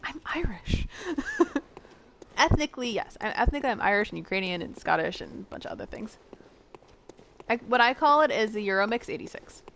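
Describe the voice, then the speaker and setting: A woman's voice: medium pitch, lively intonation, fairly quick, gravelly, fairly bright tone, slight background noise. A young American woman streaming a game, chatting casually with viewers in a giggly, rambling way. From United States. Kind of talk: casual gameplay chat with viewers.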